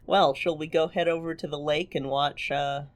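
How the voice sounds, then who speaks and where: A woman co-hosting a podcast with her spouse, chatting casually in an excitable, gushing way and swearing freely. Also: low-pitched, moderate pace. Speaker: podcast co-host.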